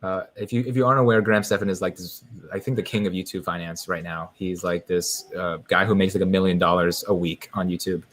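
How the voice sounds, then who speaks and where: A man's voice: sits low, steady tone, fast. A man chatting casually as a podcast guest, rambling with lots of fillers and restarts.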